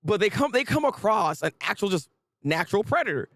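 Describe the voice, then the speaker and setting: A man hosting a casual anime episode recap, animated and laughing often as he acts out characters' lines. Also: high-pitched, brisk, dry recording. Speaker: anime review host.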